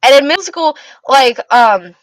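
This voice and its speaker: A woman's voice: high voice, lively intonation, a little slow, dry recording, rough recording. A tired young woman hosting a livestream, chatting casually and rambling with many restarts as she answers her chat. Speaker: livestream host reading chat.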